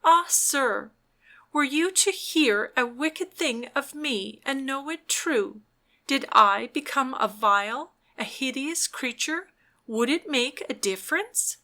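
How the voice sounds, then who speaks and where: A woman voicing an earnest, pious young noblewoman in a storybook, speaking in a hushed, pleading, wistful way. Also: high-pitched, animated, slow pace, voice pushed up, full character voice.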